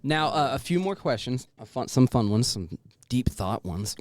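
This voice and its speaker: A man's voice: medium pitch, big pitch swings, normal speed, darkish tone, dry recording. A man hosting a podcast, asking questions in a playful, jokey way. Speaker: podcast host. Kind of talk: casual interview.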